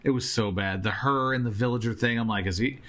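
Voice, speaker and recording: A man co-hosting a movie podcast, talking in a thoughtful, animated way and laughing along. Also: medium pitch, fast talker. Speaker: podcast co-host. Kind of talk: casual chat about movies.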